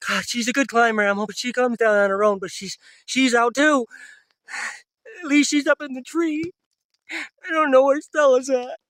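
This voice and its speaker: This vlogger, a man with a fairly high voice, chats to the camera at a woodland camp, turning emotional and quiet whenever he speaks to his pets. His intonation stays fairly even at a normal pace, and the close, dry audio has no echo.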